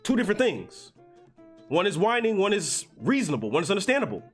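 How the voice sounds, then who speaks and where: Young man, high-pitched voice, exasperated, profane ranting commentary, mutters then shouts. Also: very animated, quick pace, faint music behind. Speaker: anime commentator.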